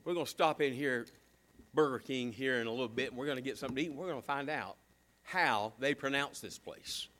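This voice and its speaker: A man's voice: mid-range voice, a little fast, fairly bright tone, pitched below the performer's own voice, natural voice. A man voicing a know-it-all father who talks down to a teenage cashier in a joke. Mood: bossy. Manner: bossy and condescending. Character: know-it-all dad on a road trip.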